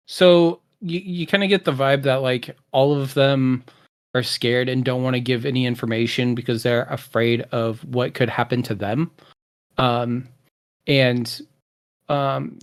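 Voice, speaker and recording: A man's voice: medium pitch, clear, resonant tone. A man narrating as game master of a tabletop role-playing game, rambling with many fillers as he builds scenes.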